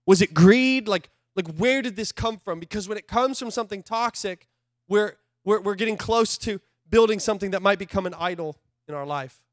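An animated male pastor preaching with a high, light voice. He talks conversationally and jumps from loud, excited bursts to quiet, hushed asides. The sound is dry and close, with little room echo. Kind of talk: sermon.

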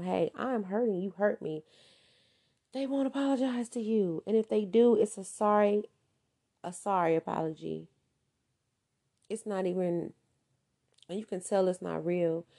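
Gravelly low-voiced woman, emphatic. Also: warm tone. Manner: emphatic, repeats points for stress. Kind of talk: casual advice monologue.

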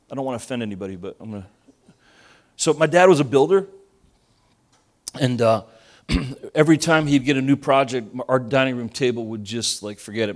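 A man in his forties from Argentina, a pastor preaching a sermon with funny stories and jokes with the audience. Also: medium pitch. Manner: animated storyteller, jokes with the audience.

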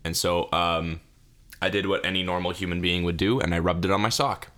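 His voice is deep and fairly bright, with fairly even intonation and a brisk pace. A young man running a solo podcast through a desk mic, he rambles in goofy comedy chat, self-mocking, cracking himself up and putting on fake crying.

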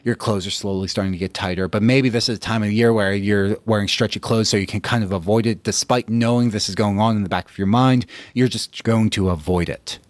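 A man hosting a podcast as a fitness coach, talking bluntly and casually with frequent swearing and quick acted-out reactions. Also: on the low side, fairly even intonation, no echo. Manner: blunt, profane, acts out listeners' reactions. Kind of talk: casual solo podcast monologue.

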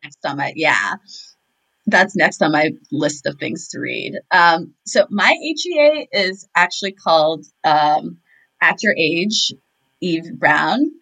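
Bright-voiced podcast co-host, bouncy pitch, lots of quick yeahs. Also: female voice, vocal fry, rough recording. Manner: animated, affirming with quick "yeah"s. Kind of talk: casual chat.

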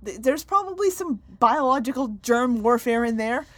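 A woman's voice: on the high side, lively intonation, normal speed, no echo. A woman co-hosting a comedy podcast, trading playful, teasing accusations in casual banter. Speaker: co-host.

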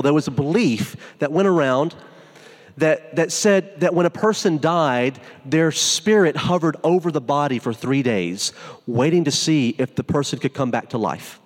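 A pastor preaching in a relaxed, conversational style, tossing in casual asides as he goes. His voice sits a little high for a man, and it carries a long reverb tail from a big church hall. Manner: conversational, informal preaching with frequent "like". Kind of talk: sermon.

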